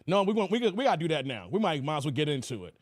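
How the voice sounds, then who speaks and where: Racing along at a fairly high pitch, this New York-area live-stream commentary host keeps things casual and animated. He reads chat aloud, uses plenty of slang, and swears freely, all in studio-quality audio with no room sound.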